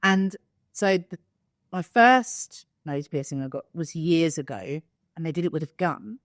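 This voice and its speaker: A woman's voice: low-pitched, unhurried, no echo, studio quality. A young woman co-hosting a podcast, telling a story in casual chat, acting out quotes and swearing freely. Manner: animated, swears, acts out quotes. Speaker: podcast co-host.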